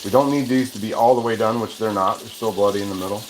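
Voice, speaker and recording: This fast-talking man has a fairly low voice with fairly even intonation. While cooking at his home kitchen stove on a livestream, he rambles chattily, restarts frequently, and answers viewer comments. A sizzling pan and running water can be heard, and the frying sizzle makes the recording noisy.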